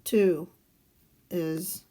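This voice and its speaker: She talks very slowly in a low-leaning, mellow voice with a steady tone, and there's a little hiss or hum. As a Spanish teacher in a recorded video lesson, she explains guided notes step by step, asking and answering her own questions.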